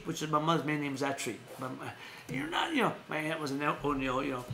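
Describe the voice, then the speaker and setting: Rambling man with a higher voice. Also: big pitch swings, fast talker, vocal fry, hardly any pauses, a bit bright, roomy sound, slight background noise. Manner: rambling, self-correcting, laughs often. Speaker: host. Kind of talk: casual boxing news chat.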